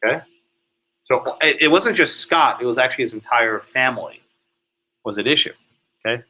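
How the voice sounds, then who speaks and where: In poor-quality audio, a male law professor teaches his class Socratically, naming students and punctuating remarks with "right?" and "okay?". He sounds animated and sharp at a moderate pace, with a medium-pitched voice.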